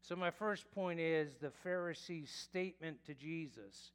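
A male pastor preaching a sermon in a slow, deliberate way, sometimes correcting himself mid-phrase. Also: fairly high pitch, clear, resonant tone. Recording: long reverb of a church hall.

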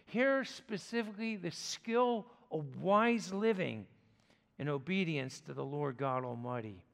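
A male pastor delivers a sermon in a slow, deliberate cadence, leaving pauses between phrases. His voice sits a little high for a man. The sound rings with the long reverb of a church sanctuary. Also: animated, creaky.

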